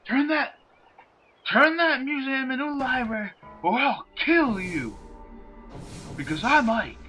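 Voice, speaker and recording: A man doing a young game hero who screeches blustering threats, high and strained. The voice is bright and piercing, pushed loud. Faint game music runs underneath. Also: lively intonation, a little slow, exaggerated voice.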